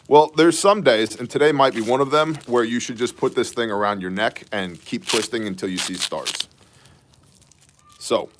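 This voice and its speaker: A man hosting a casual news commentary show, sarcastic and joking with quick asides. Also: medium pitch, slight background noise. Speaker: host of a news brief show.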